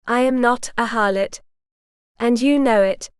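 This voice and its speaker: A woman reading the lines of a proud but frightened young noble bride in an audiobook, often hushed. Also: on the high side, a little slow, smooth, no echo, studio quality, natural voice.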